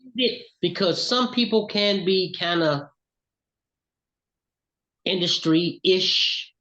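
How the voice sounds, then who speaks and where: A middle-aged man from Alabama with a Southern accent, telling lively stories as an interview guest. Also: sits high, slow pace, lo-fi sound. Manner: animated storyteller, acts out voices in quotes. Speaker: recording artist, interview guest. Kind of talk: storytelling in casual interview.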